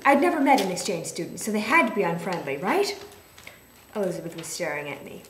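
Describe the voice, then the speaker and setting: A woman's voice: lowish voice, sing-song, brisk. A woman in a writing group reading her own story aloud, playful and laughing at dramatic lines. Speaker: creative writing group member. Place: room with a small group. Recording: echoey room, faint noise.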